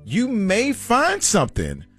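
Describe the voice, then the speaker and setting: Animated man chatting casually. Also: sits high, slow pace, breathy edge, faint music behind. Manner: storytelling, animated quoted asides. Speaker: podcast co-host. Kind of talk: casual chat.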